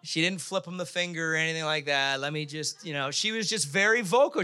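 A man preaching a sermon in a casual, humorous way, sometimes acting out quick voices. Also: a little high, pushed and bright, clear, resonant tone. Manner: conversational, humorous preaching with sudden bursts of acted voices. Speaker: pastor.

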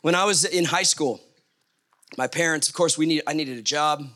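Middle-aged man, sermon story, slightly higher voice, animated asides. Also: moderate pace. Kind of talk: sermon-style personal story.

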